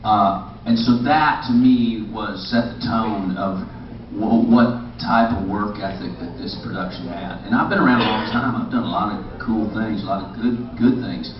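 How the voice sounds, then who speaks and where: A man's voice: fairly low pitch, moderate pace, crowd noise. A middle-aged man telling rambling stories on a convention panel, restarting his sentences often. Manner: rambling anecdotes with many restarts. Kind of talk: casual panel storytelling. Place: large convention hall. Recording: echoey hall, far, dull and muffled.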